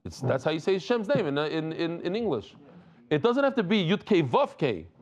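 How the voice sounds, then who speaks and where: A man teaching a lively Talmud class, rambling and animated, mixing in Yiddish and Hebrew terms. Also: on the high side, moderate pace, dull audio, slight background noise. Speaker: Daf Yomi teacher.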